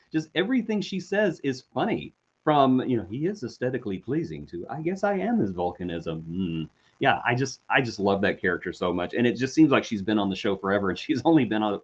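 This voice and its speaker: Jokey man on dull lo-fi audio. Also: medium pitch. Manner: jokey, self-deprecating, enthusiastic. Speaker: co-host of a TV review show. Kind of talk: casual chat reviewing TV episodes.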